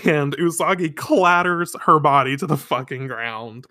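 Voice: medium pitch, measured pace, pushed and bright, dry recording. Podcast host, chatty, giggly, swearing, dry close sound. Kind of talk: casual comic recap.

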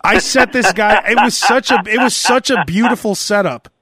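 A man hosting a podcast, chatting casually and telling animated stories in which he acts out phone calls and sometimes bursts into shouting. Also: sits high, normal speed, breathy edge, dry recording, clean studio sound. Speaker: podcast host. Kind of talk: casual chat.

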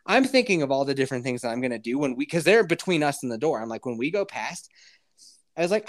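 A man in his thirties tells a long story in casual podcast chat. His pitch moves all over the place, and his talk is profane and full of laughter. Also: fast. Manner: profane, animated, laughs often.

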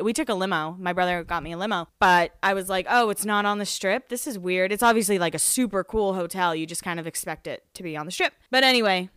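A woman's voice: medium pitch, a bit bright, smooth, no room sound, clean studio sound. A woman in her thirties hosting a podcast, chatting casually and recapping a show, with lots of "like" and restarts. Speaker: podcast host.

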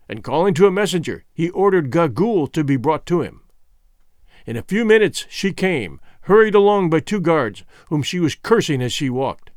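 A man narrating an audiobook with a slow, deliberate reading. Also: fairly high pitch, animated, no echo, clean studio sound. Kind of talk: scripted narration.

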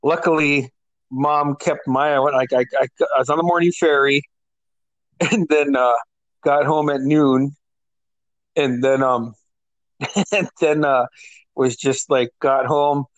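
A man's voice: on the high side, steady tone, slow, pauses often, no echo, poor audio. A man in his thirties casually telling a profane, laughing story to his sisters. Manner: profane, laughing storyteller who acts out quoted voices. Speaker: older brother telling a story.

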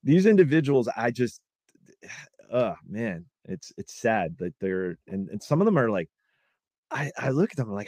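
A man's voice: mid-range voice, big pitch swings, moderate pace, a little mellow, no room sound. Profane ranting man, dry sound. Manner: profane, rambling rant with many fillers and restarts. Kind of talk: casual political chat.

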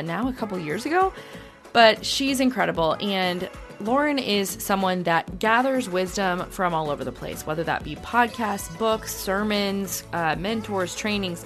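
A woman's voice: mid-range voice, fairly bright tone. A woman hosting a podcast, talking earnestly in casual conversation and reading a sponsor spot. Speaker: podcast host.

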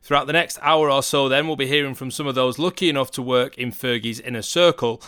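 A man's voice: mid-range voice, bright, forceful tone, dry recording, studio quality. A man hosting a podcast, giving an upbeat, formal scripted introduction. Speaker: podcast host.

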